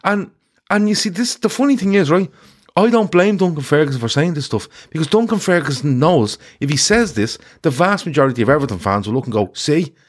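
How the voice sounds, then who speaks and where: A man's voice: a little high, brisk. A man hosting a casual football podcast, telling stories with lots of swearing and mocking quotes. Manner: swearing, animated storytelling with mocked quotes. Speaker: podcast host.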